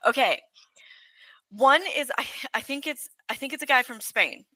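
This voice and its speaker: A woman's voice: high voice, animated, normal speed, sharp tone, dry recording, rough recording. A woman co-hosting a podcast in casual chat, hesitant, restarting her words and giggling. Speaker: podcast co-host.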